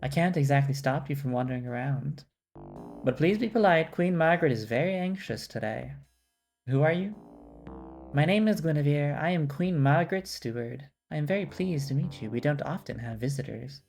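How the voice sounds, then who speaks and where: A man's voice: a little high, expressive, moderate pace, vocal fry, a little mellow, soft background music. A man voicing a polite, formal female ghost who serves a castle. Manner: formal and courteous.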